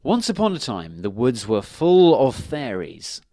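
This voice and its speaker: A man reading a children's storybook aloud in a slow, emphatic, sing-song way. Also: medium pitch, huge pitch swings, warm tone, no room sound, clean studio sound.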